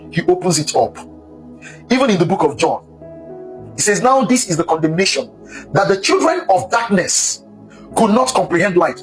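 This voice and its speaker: Emphatic man, lively high voice. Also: rough recording. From Nigeria. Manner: emphatic, preachy, repeats points. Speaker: commentator. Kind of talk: impassioned commentary.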